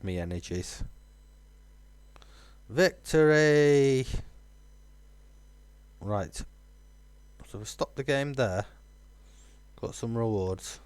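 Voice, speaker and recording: A man's voice: lowish voice, slow, long pauses, a little mellow, no room sound. A man, musing aloud with fillers while streaming a game. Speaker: gaming streamer. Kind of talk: casual let's-play commentary.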